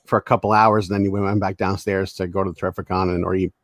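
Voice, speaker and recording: A man's voice: sits low, little pitch movement, fast, no room sound, clean studio sound. A man co-hosting a casual podcast, swapping laughing stories with his friends. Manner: storytelling, laughing at his own tales. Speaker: podcast co-host.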